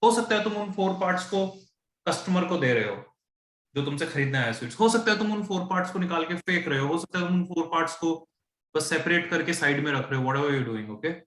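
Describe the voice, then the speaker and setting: A man's voice: a little high, expressive, rapid-fire, fairly bright tone, roomy sound. A man with an Indian English accent patiently teaching fractions, often stopping to check that his student follows. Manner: patient, asks checking questions, mixes English and Hindi. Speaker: tutor. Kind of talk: explaining fractions.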